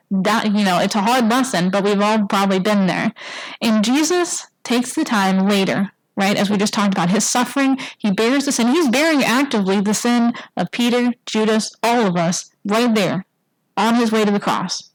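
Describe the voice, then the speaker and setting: A woman's voice: mid-range voice, moderate pace, no room sound, low-quality recording. A woman giving a conversational sermon in church. She keeps asking the congregation "right?" and acts out the quoted lines. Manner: casual, asks the congregation "right?" often. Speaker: church speaker. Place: church sanctuary.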